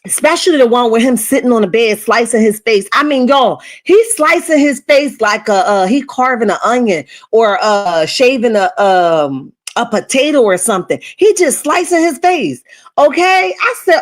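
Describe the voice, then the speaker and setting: Woman, gossip commentary host, emphatic and chatty, slightly high voice. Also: moderate pace. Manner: animated, emphatic, repeats okay and right.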